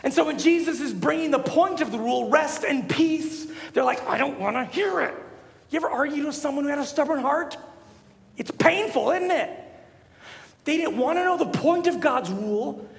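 A young man preaching a sermon as a pastor, telling stories with animated energy and rising to shouts. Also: very high voice, moderate pace, creaky. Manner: animated storytelling, rises to shouts. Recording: echoey hall.

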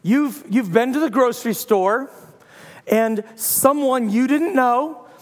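High-voiced man preaching in a hall. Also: slow pace. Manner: storytelling with playful humor and loud bursts. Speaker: pastor. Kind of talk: sermon. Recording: long hall reverb.

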